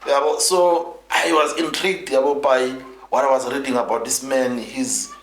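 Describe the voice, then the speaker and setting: Here a man from South Africa, a politician interviewed as a guest, walks through his life in an earnest, meandering way with frequent restarts. His medium-pitched voice is steady, fairly bright and at normal speed, captured with roomy echo and a little hiss or hum.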